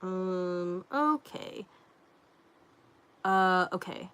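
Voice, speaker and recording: A woman hosts a relaxed livestream and reads out her viewers' comments. Her voice is bright and forward while sitting a touch low in pitch. She rambles easily, leaning on fillers and laughing often. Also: drawn-out words, smooth. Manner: chatty and rambling, full of fillers like "um" and "like". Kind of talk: casual livestream chat.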